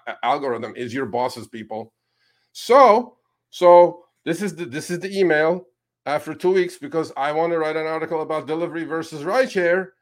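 A man who drives rideshare, co-hosting a casual talk show and ranting sarcastically about his work, with frequent fillers and restarts. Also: medium pitch. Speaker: rideshare driver and podcast co-host. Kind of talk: animated casual chat.

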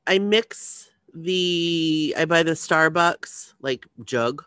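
A woman's voice: deep voice, very slow, fairly bright tone, smooth, no room sound, clean studio sound. A woman co-hosting a podcast, chatting casually with many restarts over a glitchy internet call. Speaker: podcast co-host. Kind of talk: casual chat. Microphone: remote call over glitchy internet.

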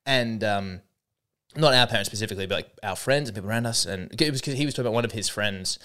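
A man around thirty with an Australian accent, a comedian hosting a podcast, telling stories in a rambling, animated way with lots of restarts. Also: lowish voice, fast talker. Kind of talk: casual comedic monologue.

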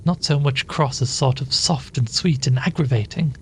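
A man's voice: medium pitch, moderate pace, a little hiss or hum, close to an everyday voice. A man voicing a nervous, tearful woman in a read-aloud story, speaking in a wailing, sobbing way.

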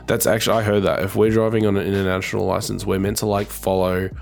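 A young Australian man with a very deep, gravelly voice co-hosts a casual podcast. He rambles through loose stories, jokes and swears casually. Faint music runs behind him. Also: little pitch movement, fast talker. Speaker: podcast co-host.

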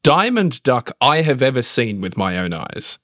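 A man's voice: medium pitch, moderate pace, dry recording, clean studio sound. A man co-hosting a cricket podcast from his house, wry and teasing as he tells stories in a casual chat. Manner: wry, teasing, lively storytelling. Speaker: podcast co-host.

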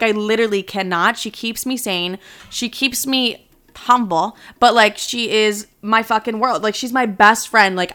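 A woman's voice: mid-range voice, smooth. A young woman hosting a podcast, talking casually and passionately to camera, swearing freely and filling her sentences with "like". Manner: candid, heavy swearing and filler "like"; passionate, animated storytelling. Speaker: podcast host.

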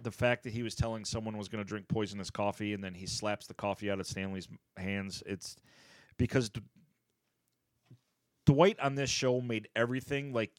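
A man co-hosting a casual podcast chat, retelling favorite comedy scenes and acting out the characters' lines with big pitch jumps and laughs. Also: moderate pace, dry recording. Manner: animated, acts out quotes with pitch jumps and laughs. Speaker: podcast co-host. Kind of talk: casual chat, ranking favorite sitcom moments.

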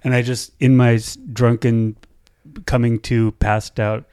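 A man's voice: medium pitch, flat delivery, unhurried, a little mellow, clean tone, no room sound, clean studio sound. A man hosting a podcast, chatting casually, telling stories and laughing often. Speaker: podcast host. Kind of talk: casual chat.

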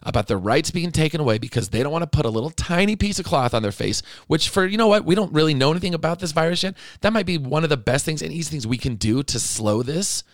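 A man's voice: a little high, animated, quick pace, hardly any pauses, dry recording, clean studio sound. A middle-aged man hosting a podcast, talking in an impassioned monologue that is indignant, emotional and pleading. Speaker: podcast host.

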